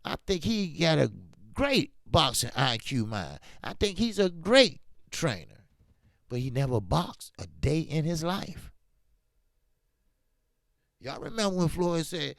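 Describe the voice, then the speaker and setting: A slightly high-pitched man with a gravelly voice talks at a slow pace, leaving long pauses. The clean studio recording has no echo. He hosts a casual boxing livestream, animated and emphatic, drifting into slang.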